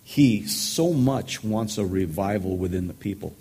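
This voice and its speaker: A man teaching a Bible study as a pastor, earnest and thoughtful in how he explains the passage. His voice is dark, mellow and a little husky, and he talks at an unhurried pace. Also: lowish voice, animated. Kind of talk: sermon teaching.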